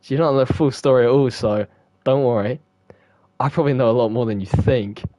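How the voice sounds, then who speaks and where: A man's voice: mid-range voice, fairly quick, mellow, dry recording, lightly acted. A man voicing a cheerful teenage girl who is the club president, reading her lines in a friendly, lightly lifted voice. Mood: breezy.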